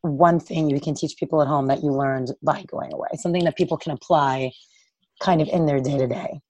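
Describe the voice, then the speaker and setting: Podcast host lady, deep voice, talks super fast, hypes up her guest. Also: fairly even intonation, darkish tone. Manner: enthusiastic, quick to praise. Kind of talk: casual interview chat.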